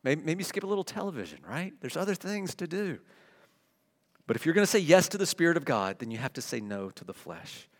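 A middle-aged pastor with a high-pitched voice preaches a sermon. He talks conversationally to his congregation, then builds into emphatic declarations. The sound carries a long reverb tail from the church hall. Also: very animated, fairly quick. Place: church sanctuary.

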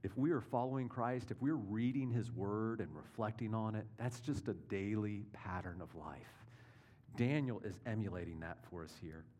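Male pastor mid-sermon: chatty, leans on "right?" asides, moves between punchy emphasis and quiet. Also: on the low side, normal speed. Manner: conversational, checks in with listeners with rhetorical questions.

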